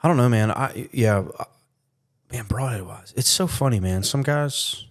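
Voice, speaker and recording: A man in his middle years, a podcast guest, telling a story in a casual, animated way with lots of fillers. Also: medium pitch, normal speed.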